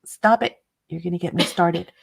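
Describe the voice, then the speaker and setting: A woman's voice: fairly low pitch, moderate pace, vocal fry, background noise. A woman hosting a casual craft livestream, chatting and laughing often and greeting viewers by name.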